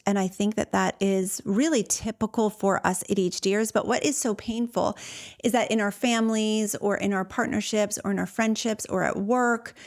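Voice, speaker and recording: Earnest woman podcaster talking casually. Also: medium pitch. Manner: earnest, personal, with fillers and restarts. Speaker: podcast host and ADHD coach. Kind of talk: casual solo podcast talk.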